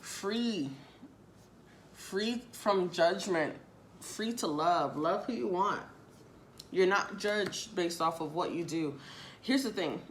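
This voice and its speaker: A woman's voice: fairly low pitch, slight background noise. A woman giving a casual tarot reading straight to her viewers, chatty and repetitive, with casual swearing. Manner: chatty, repeats phrases, casual swearing, addresses viewers directly. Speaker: tarot reader.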